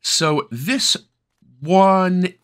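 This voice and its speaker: A man's voice: sits high, very slow, fairly bright tone, clear, resonant tone. A man from Wales with a Welsh accent, giving a chatty, jokey game walkthrough full of rambling asides. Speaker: gaming video host. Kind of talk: casual game walkthrough commentary.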